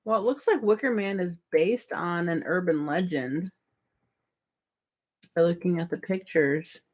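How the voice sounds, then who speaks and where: A woman co-hosts a casual chat show in a mid-range voice. She talks slowly and easily, giggles often, and teases her co-host and the listeners. Her manner stays light and playful throughout. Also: fairly low pitch, darkish tone.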